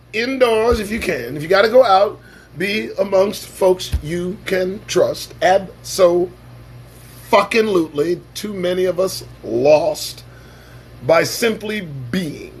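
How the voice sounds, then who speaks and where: A man's voice: high-pitched, slow, a little hiss or hum. A man hosting a casual live-stream show, talking in a profane, sarcastic and preachy way. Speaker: livestream show host.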